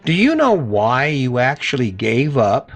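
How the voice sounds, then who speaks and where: A man's voice: medium pitch, wildly swooping pitch, unhurried. A man hosting a casual motivational podcast in a folksy, chatty way, often tagging his points with "right?". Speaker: podcast host. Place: lives in an RV.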